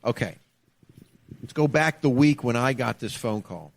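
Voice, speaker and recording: Animated middle-aged man telling a story. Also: mid-range voice, a little slow, creaky. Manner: animated, acts out the calls. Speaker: podcast co-host, ex-trooper. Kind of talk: casual storytelling chat. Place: bar.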